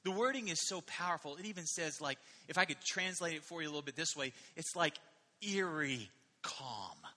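Bright, forceful preacher in a reverberant hall. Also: male voice, on the high side, normal speed. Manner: animated, emphatic preaching with rhetorical questions. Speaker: pastor. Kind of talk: sermon.

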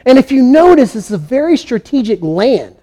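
A man's voice: very high-pitched, sing-song, normal speed, dark tone. A man preaching a sermon, telling the story with energy and acting out the quoted kings and prophets in his own voice. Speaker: pastor.

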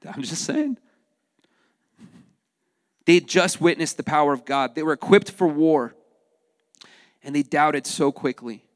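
Male pastor, high voice, lively sermon delivery, long hall reverb on a dry close mic. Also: normal speed. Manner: animated, acts out voices, addresses the congregation.

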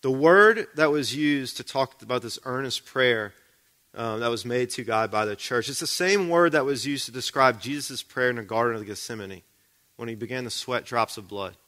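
A man's voice: mid-range voice, normal speed, sharp tone. A man preaching a sermon in a conversational way, often checking in with the congregation with questions.

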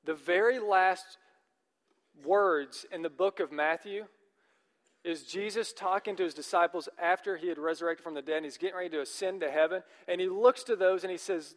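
An earnest male pastor preaches, his somewhat high voice ringing with the long reverb of a large church hall. He encourages his listeners and keeps turning to them with questions. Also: normal speed. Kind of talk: sermon.

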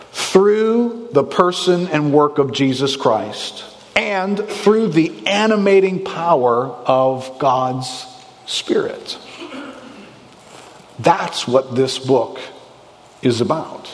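A man's voice: a little high, expressive, extremely slow, long reverb tail. A man preaching a sermon as a pastor, talking conversationally with the congregation, asking rhetorical questions and acting out anxious inner voices.

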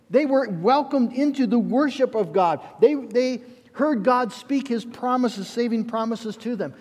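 A man's voice: very high-pitched, a little mellow, big-room sound. A male pastor preaching a sermon in an earnest, emphatic way, often restarting his phrases.

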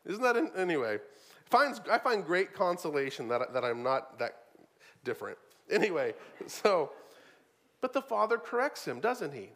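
Animated preacher man with lively pitch. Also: moderate pace. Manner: animated, shifts from loud emphasis to low asides, repeats words. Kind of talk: sermon.

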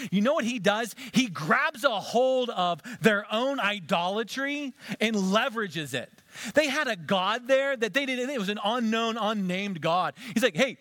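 Animated male pastor preaching, dry sound. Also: sits high, dry recording. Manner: animated, acts out conversations with a volunteer. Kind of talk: sermon.

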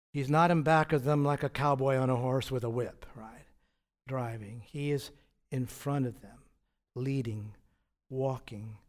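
A man preaching a sermon in a conversational way, asking his listeners rhetorical questions and laughing softly now and then. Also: on the high side. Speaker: pastor.

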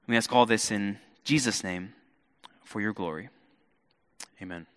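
A man preaching a sermon as pastor, animated, with playful asides to the congregation. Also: fairly low pitch, unhurried. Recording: long hall reverb.

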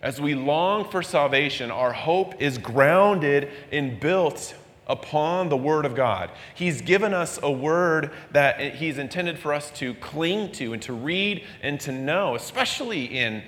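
A man preaching a midweek sermon, earnest and conversational, acting out quoted voices with a rising pitch. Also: animated, unhurried, fairly bright tone, in a large hall. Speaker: pastor.

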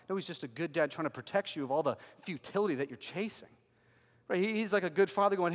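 A man preaching a sermon as a pastor, emphatic and swinging from loud declarations to hushed lines. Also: a little high, fast talker, big-room sound.

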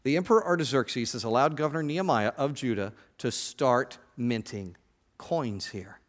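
A male pastor giving a sermon, lively and joking as he addresses the congregation directly. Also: mid-range voice, moderate pace, in a large hall.

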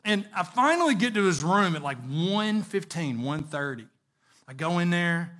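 A man preaching a sermon, telling a personal story in an animated way with chuckles, then slowing into earnest exhortation. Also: high-pitched. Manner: earnest, slowing on key words when exhorting.

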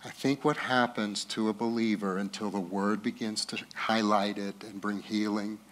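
A middle-aged man preaches as pastor, rising in volume and pitch at climactic points and softening and slowing in tender stretches. Otherwise, his intonation stays fairly even.

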